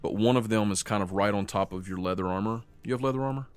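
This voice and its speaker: Low-voiced man running a tabletop game. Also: clear, resonant tone. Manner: slows down for dramatic scene narration. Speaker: game master.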